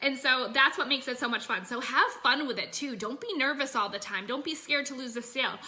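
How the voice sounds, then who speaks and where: A woman's voice: high voice, fairly quick, sharp tone. A woman business coach talking casually and energetically to her online group from her phone, full of fillers and "you guys".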